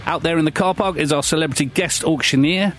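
A man's voice: on the high side, quick pace, a bit bright, faint music behind, natural voice. An actor playing an indignant, whiny male radio co-host who is jealous of his partner.

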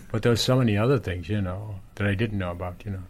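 Older Irish man with a low voice. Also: fast talker. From Ireland, Galway. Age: 70s. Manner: rambling, heavy with "you know" fillers, chuckles often. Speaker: interviewee, corner shop owner. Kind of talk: reminiscing conversational storytelling.

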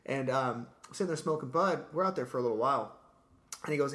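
A man's voice: medium pitch, animated, fast, a bit bright. A man casually telling a long story in a podcast chat, laid-back and profane, dropping "dude" and "like" constantly.

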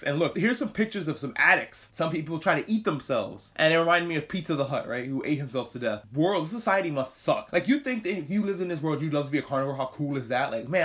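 A man from New York hosting a casual podcast recap, with profane, animated, rambling commentary. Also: fairly high pitch. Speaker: podcast host. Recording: muffled lo-fi recording.

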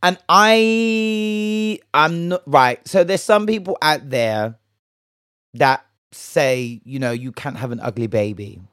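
A man's voice: mid-range voice, measured pace, a bit bright, no echo, studio quality. A man hosting a casual solo gossip podcast, chatty and jokey, swearing and rambling, a little tipsy. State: a bit tipsy. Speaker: podcast host.

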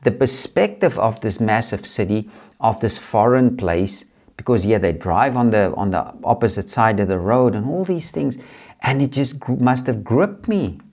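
A man hosts a podcast, telling a motivational personal story. His voice sits at a middle pitch, and he speaks earnestly, repeating phrases to build emphasis. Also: normal speed, a little mellow. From South Africa. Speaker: podcast host.

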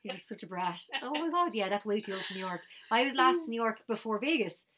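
A woman's voice: mid-range voice, expressive, brisk, crowd noise. An Irish woman in her thirties, co-hosting a podcast and telling stories in casual chat, sometimes dropping to a whisper. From Ireland. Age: 30s. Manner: chatty, storytelling, drops into whispers. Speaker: podcast co-host.

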